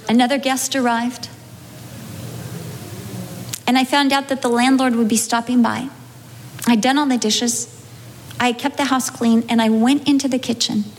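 A middle-aged woman, a pastor's wife, telling a humorous personal story and acting out scenes with sudden dramatic shifts. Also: on the high side. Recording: echoey hall with faint background noise.

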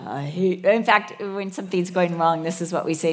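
A woman in her sixties preaching a sermon in a storytelling, playful way, sometimes dropping to a soft hush. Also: fairly low pitch, moderate pace. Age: 60s.

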